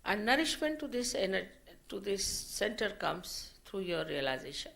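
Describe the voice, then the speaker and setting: Woman with a gravelly voice, giving a spiritual lecture. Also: mid-range voice, very animated, fairly bright tone. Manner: slow, deliberate teaching with rising emphasis. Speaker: spiritual teacher. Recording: 1990 archive lecture recording.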